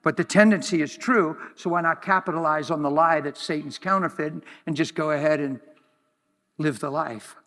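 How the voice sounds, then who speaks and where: A man preaching a sermon in a church, talking in an animated way, swinging from loud exclamations to hushed near-whispers. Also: on the high side, normal speed. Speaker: pastor. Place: church hall. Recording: reverberant church hall.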